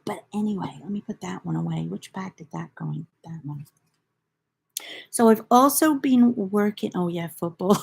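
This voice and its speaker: A woman's voice: medium pitch, normal speed, gravelly, a little mellow, husky. An older woman from the United Kingdom, hosting a knitting livestream in a rambling, chatty storytelling way. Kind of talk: casual chat.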